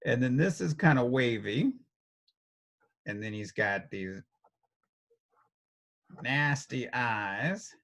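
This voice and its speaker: A man's voice: mid-range voice, expressive, slow, creaky, long pauses, a bit bright. A man teaching a casual step-by-step drawing lesson, talking playfully as he sketches and chuckling often.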